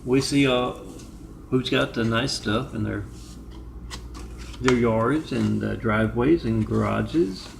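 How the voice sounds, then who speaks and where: A man with a gravelly, creaky voice delivering a wandering solo monologue to camera. His pitch sits in an ordinary middle range. He drifts from point to point and spells things out slowly, letter by letter. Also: noisy background. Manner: digressive, spells out numbers and web addresses. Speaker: video maker. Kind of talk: rambling monologue.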